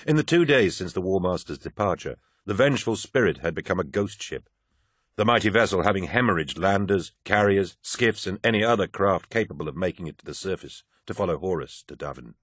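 Man, audiobook narration, very low voice, measured, dry close recording. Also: expressive, a bit bright, breathy edge, no room sound.

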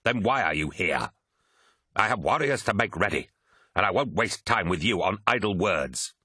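Man doing a scornful warrior captain, huge and arrogant, husky, tense, sneering. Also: low-pitched, lively intonation, moderate pace, sharp tone, no room sound, clean studio sound, exaggerated voice. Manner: scornful and contemptuous.

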